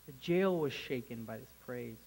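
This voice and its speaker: A man preaching a casual, conversational sermon to a congregation, bursting into excited shouts. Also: mid-range voice, normal speed, slightly rough, low-quality recording.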